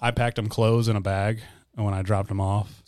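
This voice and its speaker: A man's voice: lowish voice, little pitch movement, moderate pace, a little mellow, no echo, clean studio sound. A man in his thirties, co-hosting a podcast and telling candid, self-mocking stories about his life in casual chat. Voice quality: voice turns gravelly when whispering. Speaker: podcast co-host and guest.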